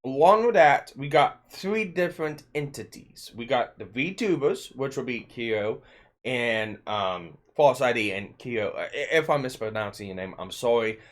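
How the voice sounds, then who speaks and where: A man's voice: mid-range voice, expressive, measured pace. A man with a lisp, hosting an opinion commentary channel and talking in an emphatic, heated way with some swearing.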